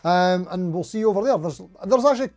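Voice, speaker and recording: A man's voice: high voice, expressive, quick pace, a little mellow, faint music behind. A man hosting a casual live stream, rambling and laughing at himself as he reads out supporter names.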